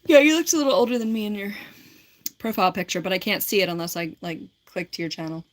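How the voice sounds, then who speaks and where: A woman's voice: medium pitch, fast. A woman in her forties on a casual livestream, reading and answering viewer comments in a rambling, giggly way with lots of filler words. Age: 40s.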